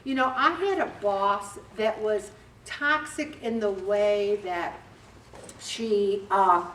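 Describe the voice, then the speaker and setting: A woman's voice: medium pitch, slow, fairly bright tone. A woman in her seventies leading a group talk, chatty and direct, often acting out little conversations to make her point. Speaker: group leader speaking to a weight loss group. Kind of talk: casual motivational talk. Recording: roomy, distant, faint background hum.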